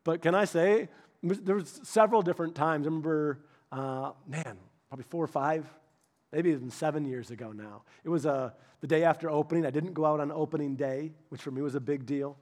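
A middle-aged man preaching from the pulpit with a fairly high voice. He tells his stories with lively humor, often stopping and restarting mid-sentence. His tone stays conversational, as if chatting with his congregation. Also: brisk. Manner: animated personal storytelling with restarts and humor. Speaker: pastor. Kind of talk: sermon.

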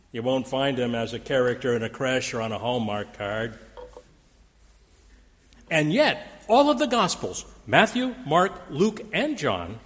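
A man's voice: medium pitch, big-room sound. A man preaching a sermon, dramatic in delivery, quoting scripture with raised force. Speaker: pastor. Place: church sanctuary.

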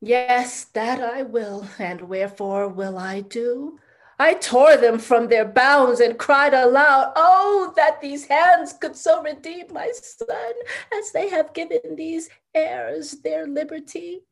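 Grieving noble mother, impassioned and desperate, slow deliberate delivery. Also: on the high side, fairly even intonation. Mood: anguished. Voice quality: impassioned, swinging from loud cries to hushed whispers. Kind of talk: classical stage drama.

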